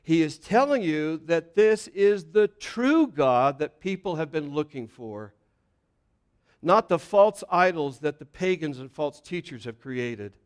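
A man preaching a sermon, reading scripture and explaining it, building to loud emphatic points and dropping to quiet, low passages. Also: big pitch swings, measured pace, clean tone. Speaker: pastor.

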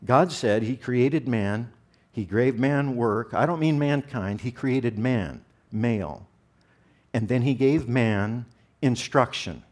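A man's voice: medium pitch, takes it slowly, a little mellow. A middle-aged man preaching a sermon, earnest, often restarting and repeating words as he explains. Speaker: pastor.

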